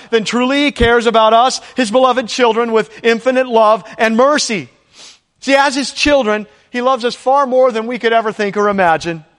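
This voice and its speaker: A man's voice: sits high, fairly bright tone. A man preaching a sermon in an earnest, emphatic way, leaning on repeated phrases. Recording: long reverb of a large hall.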